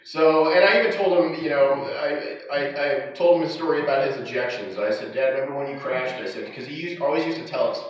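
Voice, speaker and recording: A man's voice: on the high side, a little fast, hardly any pauses, a little hiss or hum. A man speaking at his father's funeral, rambling through anecdotes with many fillers and restarts. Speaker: son giving a eulogy. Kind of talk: informal eulogy with anecdotes. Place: funeral service hall. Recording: echoey hall, far from the mic, dull.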